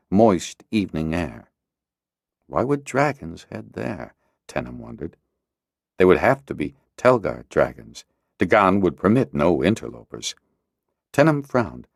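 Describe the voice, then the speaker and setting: A male narrator reading a fantasy audiobook in a very deep voice. His delivery is expressive and dramatic, with wide swings in pitch. The recording is dry and close. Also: no room sound. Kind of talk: scripted narration.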